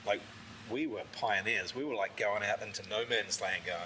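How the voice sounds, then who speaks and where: A middle-aged New man sits in as a podcast guest and tells brewing stories. He acts out old conversations and swears freely. His voice sits a little low but rings bright and forceful. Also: moderate pace, a little hiss or hum, rough recording. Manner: lively anecdotes, swears, acts out dialogue. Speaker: brewery founder, podcast guest. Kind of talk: casual storytelling chat.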